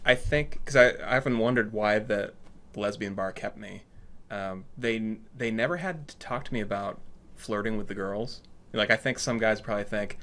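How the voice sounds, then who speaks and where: A man's voice: lowish voice, moderate pace, a bit bright. A man co-hosting a podcast, chatting in an easygoing, reflective way. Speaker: podcast co-host. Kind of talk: casual chat.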